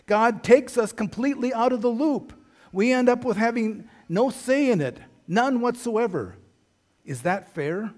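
A man's voice: very high-pitched, expressive, a little slow, darkish tone. A middle-aged man preaching a sermon as a pastor, in a conversational storytelling manner with wry humor.

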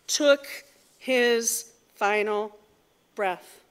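A woman giving a sermon, telling stories in a measured, earnest way before leading a prayer. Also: a little high, clear, resonant tone. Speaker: preacher. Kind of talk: sermon with storytelling.

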